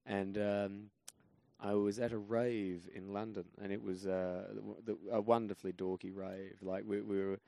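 Low-voiced Australian man telling stories. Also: vocal fry, no echo. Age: 20s. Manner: measured low-key delivery that gets animated in stories. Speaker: podcast guest, comedian. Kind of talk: casual storytelling chat.

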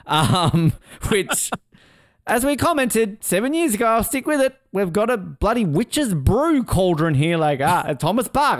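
Excitable podcast host who swears freely and mimics people mid-story; smooth tone. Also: male voice, a little high, normal speed, no echo, studio quality. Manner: excitable, swears, acts out quotes in voices. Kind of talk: casual chat.

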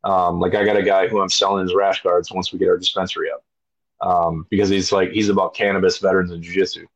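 A man's voice: sits low, level tone, fast, gravelly. A man in his thirties, a veteran guest telling his story in a blunt, profane, casual way, with lots of fillers. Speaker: podcast guest, military veteran. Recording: dull lo-fi audio.

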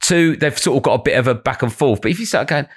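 A man with a London accent chats as a guest comedian. He talks quickly, with a medium-pitched voice. He tells animated stories and acts out heckles by jumping into higher, louder voices. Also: slightly rough. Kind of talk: casual podcast chat.

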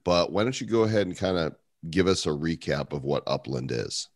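A man's voice: low-pitched, brisk, no echo, studio quality. A man hosting a podcast, joking casually and leading the conversation. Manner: joking, relaxed, leads the conversation. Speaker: podcast host.

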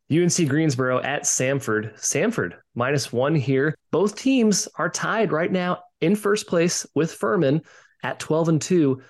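A man hosting a casual sports betting podcast, upbeat and opinionated, often repeating a word as he starts a thought. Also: fairly high pitch. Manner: upbeat, quick to share opinions, repeats words when starting. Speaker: podcast host leading segments.

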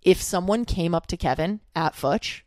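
A young woman with a notably low voice, co-hosting a casual podcast and carefully laying out her reasoning with hypothetical examples. The sound is close and dry, with no room echo. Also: a little mellow. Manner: earnest, deliberate, explains by hypotheticals. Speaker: podcast co-host. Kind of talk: casual chat.

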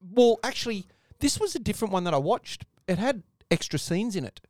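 A man's voice: high voice, big pitch swings, a little fast, a little mellow, no echo. Aussie guy on a movie podcast, laid back, dry close mic. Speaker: podcast co-host. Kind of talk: casual film chat.

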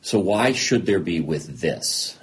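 A man's voice: sits low, lively intonation, slow pace. A middle-aged man speaking earnestly as an interview guest, acting out past conversations as he tells them. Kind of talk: candid conversation.

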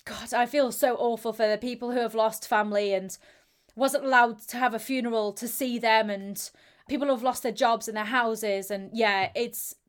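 A woman's voice: fairly high pitch, moderate pace. A young woman, an athlete being interviewed, speaking candidly and acting out the voices of people she quotes. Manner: animated, acts out quoted voices, laughs readily. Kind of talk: candid conversational storytelling.

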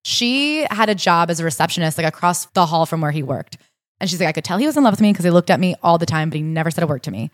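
A woman co-hosting a podcast, retelling a book's story in a casual, animated way and acting out the quotes. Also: on the low side, quick pace, no echo, clean studio sound. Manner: animated storytelling, acts out quotes with rising indignation. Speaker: podcast co-host. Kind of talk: casual book discussion.

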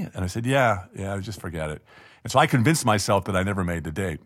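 Middle-aged male guest, low-set voice, rambling self-mocking anecdote style. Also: fast, fairly bright tone. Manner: chatty, self-deprecating, frequent restarts and laughs. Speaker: guest telling a personal story. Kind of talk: casual storytelling interview.

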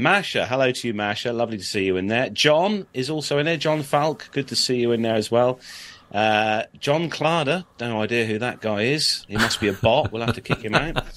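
Casting: friendly male podcast host, casual chat, reads news aloud, mid-pitched voice. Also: lively intonation, moderate pace, a bit bright.

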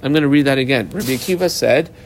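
A man's voice: medium pitch, quick pace, a little hiss or hum. A man teaching a Talmud class, reading Aramaic lines aloud and then explaining them in plain English.

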